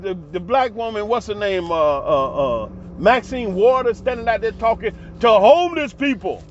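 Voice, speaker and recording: A man with a high-pitched voice rants passionately, swearing freely and getting heated as he talks. The recording sounds a little dull and lo-fi, with faint street and traffic noise in the background. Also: sing-song, a little slow, few pauses. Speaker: commentary vlogger. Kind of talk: ranting commentary.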